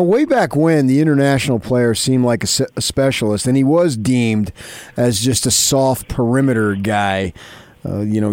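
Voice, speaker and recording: A man co-hosting a sports radio interview, asking questions in a deliberate, thinking-aloud way. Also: mid-range voice, darkish tone, no echo.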